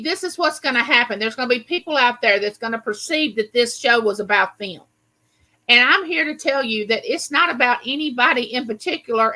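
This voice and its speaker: Bright, frank woman hosting a live chat. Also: a little high, poor audio. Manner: frank, emphatic. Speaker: host. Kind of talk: casual livestream chat.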